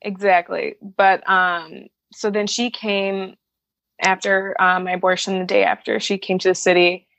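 A woman's voice: medium pitch, level tone, measured pace, gravelly, a bit bright, no room sound. Frank woman telling a personal story. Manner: frank and emotional, swears freely, acts out quoted voices. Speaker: interview guest.

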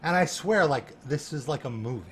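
A man telling a story in a casual chat, animated and laughing, full of fillers and restarts. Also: a little high, a little fast, a little hiss or hum. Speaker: guest.

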